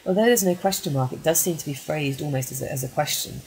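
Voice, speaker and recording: A woman English teacher reading a poem aloud and then analysing it line by line in a measured way, with frequent ums. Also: low-pitched, darkish tone, low-quality recording. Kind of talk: poetry analysis lesson.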